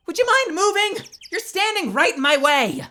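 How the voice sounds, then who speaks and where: A woman's voice: extremely high pitch, sing-song, normal speed, noisy background, pitched above the performer's own voice. A woman voicing a brash, goofy young man who speaks with a put-on New York and surfer drawl. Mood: yelling. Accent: put-on New York and California surfer mix. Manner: loud, whiny, dude-speak.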